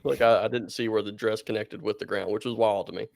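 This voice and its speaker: A man's voice: fairly low pitch, fairly even intonation, fast talker, gravelly, no echo, studio quality. A man co-hosting a podcast, telling stories in a rambling, casual way and laughing often. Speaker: podcast co-host.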